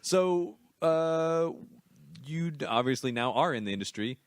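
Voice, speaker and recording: A man hosting a podcast, asking questions in a relaxed, agreeable way. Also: on the high side, unhurried, no echo, studio quality. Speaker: podcast host. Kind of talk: casual podcast chat.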